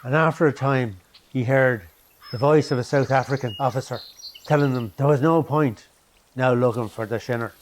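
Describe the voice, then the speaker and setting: A man narrating a documentary story in measured, short phrases. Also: mid-range voice, a little hiss or hum.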